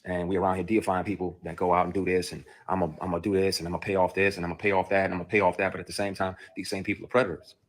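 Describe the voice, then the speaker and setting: A man with a very low, husky voice tells a raw personal story. He talks bluntly and with feeling, and he swears freely. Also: level tone, racing, hardly any pauses. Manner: blunt, emotional storytelling with profanity. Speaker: actor. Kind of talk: played clip of a personal account.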